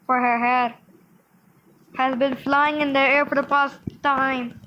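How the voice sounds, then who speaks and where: A young girl tells the story of her game play in a playful, rambling way, acting out characters as she goes. Her voice sits a little high. The sound is dull and lo-fi, with a faint hiss behind it. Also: level tone, slow pace, long pauses. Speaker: gaming vlogger. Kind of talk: casual game commentary.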